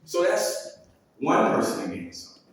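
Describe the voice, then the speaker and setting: A man speaking at a live audience, telling a story in a fairly high, lively voice. He plays out each exchange and ends with faith-driven calls to keep going. His voice comes from well off the mic, booming around a large reverberant hall. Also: moderate pace, recorded from a distance. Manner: animated, acts out dialogue in quoted exchanges. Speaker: builder and speaker. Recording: echoey hall, voice picked up from afar.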